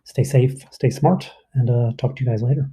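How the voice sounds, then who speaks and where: In a recorded online lesson, this history teacher talks in a relaxed, explanatory way, peppering it with ums and rhetorical "rights" to check in with his audience. He has a mellow, husky, medium-pitched voice and a moderate pace.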